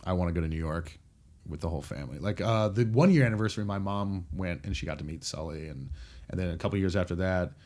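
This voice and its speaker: Man, 30s, podcast guest; low-ish voice, animated storyteller acting out quotes. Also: fast. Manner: animated, acts out quotes with restarts. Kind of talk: casual storytelling chat.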